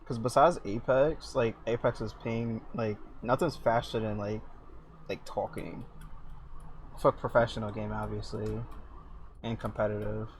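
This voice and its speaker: A man's voice: lowish voice, fairly even intonation, unhurried. A young man streaming casually while sculpting, teasing his chat with lots of fillers and jokes. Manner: joking, teasing, chatty with many fillers. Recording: faint background noise.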